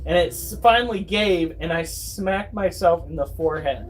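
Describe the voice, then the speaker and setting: A man's voice: on the high side, moderate pace, a little hiss or hum. A man in his thirties vlogging at home, telling stories to his viewers in a chatty, swearing, casual way. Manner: chatty, swears freely, acts out quotes.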